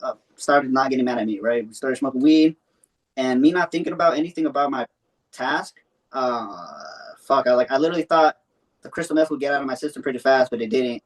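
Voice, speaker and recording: A young man telling a long personal story in a loose, rambling way, full of swearing and fillers. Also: medium pitch. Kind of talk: casual storytelling.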